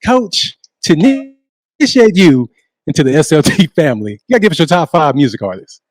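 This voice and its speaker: A man's voice: on the high side, very animated, fairly quick. A man co-hosting a sports podcast who trades playful, teasing banter in casual chat. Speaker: podcast co-host.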